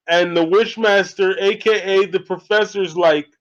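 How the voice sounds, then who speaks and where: A man in his thirties casually recapping a horror movie as an excitable, laughing storyteller, in a dull lo-fi recording. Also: high-pitched, unhurried, hardly any pauses. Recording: dull lo-fi audio.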